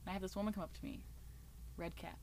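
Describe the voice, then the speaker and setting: A woman's voice: medium pitch, fast. Chatty woman telling a work story. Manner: animated, laughing, swearing, filler-heavy. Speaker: podcast co-host. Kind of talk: casual chat, storytelling.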